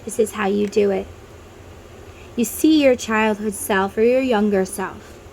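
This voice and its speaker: A woman's voice: mid-range voice, measured pace, darkish tone, slight background noise, low-quality recording. A woman who reads tarot, talking casually to viewers and guiding them through an inner-child meditation, with chatty tangents. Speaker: tarot reader.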